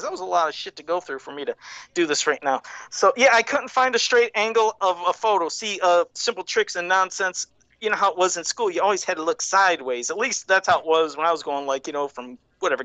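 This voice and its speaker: A man hosting a live-streamed show, chatting casually, profane and rambling, reading names out loud. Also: sits high, dry recording, rough recording. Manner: profane, rambling, laughs often. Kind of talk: casual livestream chat.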